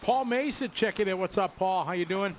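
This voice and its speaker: A man's voice: sits high, fairly quick, slight background noise. A man from Wisconsin giving chatty, upbeat live race commentary and greeting viewers. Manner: chatty, upbeat, jokes with chat and co-host.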